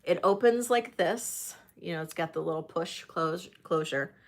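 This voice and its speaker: A woman hosting a livestreamed vintage jewelry auction, chatting to viewers and gushing excitedly over the pieces. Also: fairly low pitch, a little slow. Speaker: host of a live jewelry sale. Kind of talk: live auction chat.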